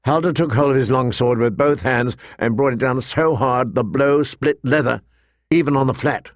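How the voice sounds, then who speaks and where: A man narrating a fantasy novel in a measured storytelling manner, voicing the characters. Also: medium pitch, no echo, studio quality. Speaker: audiobook narrator. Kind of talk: scripted narration.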